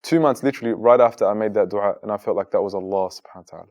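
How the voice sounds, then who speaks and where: A man in his thirties from Australia, telling his own story in an interview in an earnest way and becoming lively when he retells conversations. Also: on the low side, rapid-fire. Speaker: guest, Muslim content creator.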